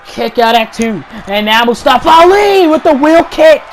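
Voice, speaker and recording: A man calling play-by-play wrestling commentary over gameplay, excitable, shouting the big moves and repeating each call. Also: extremely high pitch, moderate pace, a little hiss or hum, low-quality recording. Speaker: YouTube gaming channel host.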